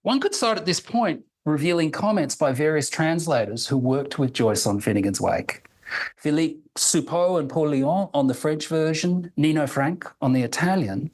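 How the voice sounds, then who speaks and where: A man reading a prepared academic lecture in a measured, deliberate way, slowing to sound out example phrases. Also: on the high side, lively intonation, darkish tone, low-quality recording.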